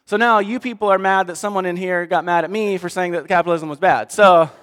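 A man preaching a conversational sermon, talking straight to God and reading scripture aloud with big swings between loud and soft. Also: high voice, steady tone, fast talker, clean tone, long reverb tail. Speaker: pastor.

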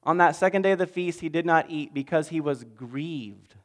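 A man preaching a lively, jokey story sermon, swinging between loud bursts and hushed asides. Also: on the high side, moderate pace, big-room sound. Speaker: pastor.

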